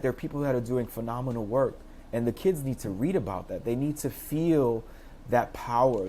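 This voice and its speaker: A man in his thirties, a teacher and interview guest, telling his story in lively casual speech and acting out the people he quotes, heard over a video call. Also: slight background noise. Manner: animated, acts out quoted voices with pitch jumps.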